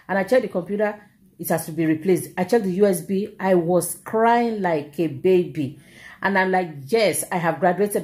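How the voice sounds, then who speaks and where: A middle-aged Nigerian woman vlogging, telling a personal story in an animated, exclamatory way and repeating herself for emphasis. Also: mid-range voice. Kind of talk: casual storytelling to camera.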